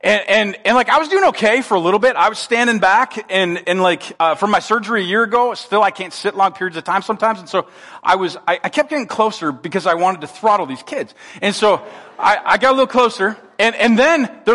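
High, bright-voiced pastor in a reverberant hall. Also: male voice, a little fast. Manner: animated, self-mocking, with many restarts. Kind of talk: storytelling sermon. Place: church auditorium.

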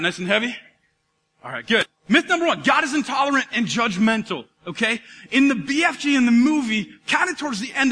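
High, bright-voiced energetic male pastor. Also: big-room sound. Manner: energetic, conversational, joking with the congregation. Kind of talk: sermon. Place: church auditorium.

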